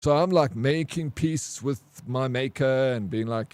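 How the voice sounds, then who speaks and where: A male streamer talks casually to his chat at an everyday middle pitch, cursing freely and tossing "bro" into nearly every sentence. His voice sounds dry and close, with no room echo at all. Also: a little slow, few pauses. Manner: animated, swears a lot, says "bro" constantly. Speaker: live streamer. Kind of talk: casual live-stream storytelling.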